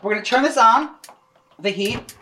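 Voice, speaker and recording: A woman's voice: a little high, bright, forceful tone. A woman hosting a casual cooking chat, teasing her guest with nosy questions. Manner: teasing, nosy, quick banter. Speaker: cooking podcast host.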